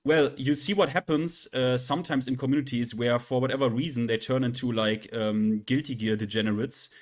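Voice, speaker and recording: A man hosting a casual gaming discussion, talking bluntly with swearing and halting starts. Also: mid-range voice, fairly even intonation. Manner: blunt, profane, hesitant starts.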